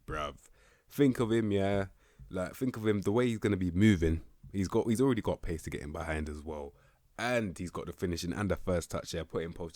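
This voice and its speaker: A deep-voiced young gaming YouTuber rates players in casual game commentary with no echo. His delivery is slangy and laid-back, punctuated by bursts of excitement.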